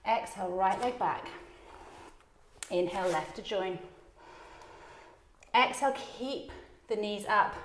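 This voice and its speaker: A woman teaching a yoga class, calmly and encouragingly cueing each breath and movement, at times slightly out of breath. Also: mid-range voice. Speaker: yoga instructor. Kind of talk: guided yoga class instruction. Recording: echoey room.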